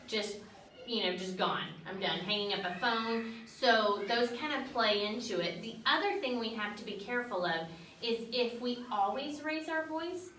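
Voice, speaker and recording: A woman talks fast and explains things with animation. Her voice is bright and forceful. It sounds like it was picked up from a distance in an echoey room with faint noise. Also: medium pitch. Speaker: mental health specialist guest. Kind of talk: talk show discussion.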